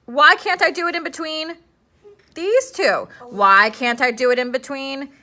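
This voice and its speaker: A woman's voice: sits high, a little slow, pushed and bright. A young woman teaching a classroom lesson, chatty and playful, asking her students questions as she works.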